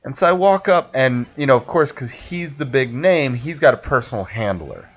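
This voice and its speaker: A man on a podcast spins a rambling, animated story in casual chat, slipping into quoted voices and cursing along the way. His voice sits at an ordinary pitch. The audio is muffled and lo-fi. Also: normal speed. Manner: rambling, animated anecdote with acted-out quotes and swearing. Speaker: podcast co-host. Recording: dull lo-fi audio.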